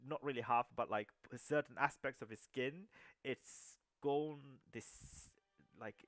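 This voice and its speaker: A young man narrating a tabletop game as game master, halting with many fillers and restarts. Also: medium pitch, a bit bright, dry recording.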